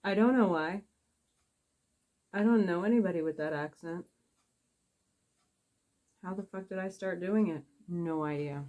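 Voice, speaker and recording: A woman's voice: on the low side, unhurried, pauses often, darkish tone, lo-fi sound. Foul-mouthed woman doing her makeup. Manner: blunt, profane, self-mocking. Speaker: makeup vlogger. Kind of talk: casual makeup tutorial chat.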